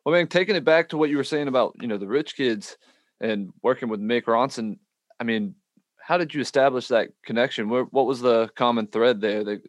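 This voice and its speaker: A man hosting a podcast, asking loose, relaxed questions in a casual interview. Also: mid-range voice, a little fast, no echo. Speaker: podcast host.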